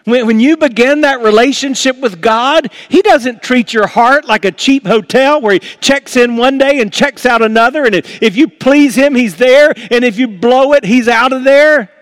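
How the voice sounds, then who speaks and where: A man preaching a sermon as pastor, swinging from quiet, intimate asides to loud, fervent outbursts, with homely examples. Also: extremely high pitch, normal speed, hardly any pauses. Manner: folksy, uses homely examples.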